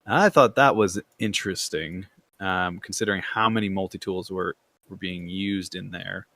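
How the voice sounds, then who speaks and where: A man's voice: low-pitched, normal speed, fairly bright tone. A man hosting a casual gaming podcast, rambling with fillers and restarts. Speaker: podcast host.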